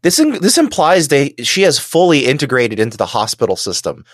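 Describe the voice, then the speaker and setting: A podcast co-host in casual chat who laughs often and chimes in with quick reactions. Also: mid-range voice, huge pitch swings, dry recording, studio quality.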